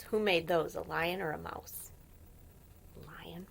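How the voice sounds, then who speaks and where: A woman reading a picture book aloud to children, gentle and often whispering, with playful animal sounds. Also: on the low side, steady tone, takes it slowly, creaky, a little hiss or hum. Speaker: storyteller for children.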